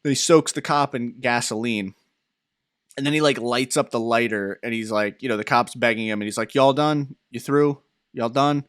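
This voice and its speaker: A young man in his twenties co-hosting a podcast, telling rambling, animated stories with fillers and laughs. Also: mid-range voice, a little fast, no room sound, studio quality. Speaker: podcast co-host. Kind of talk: casual chat.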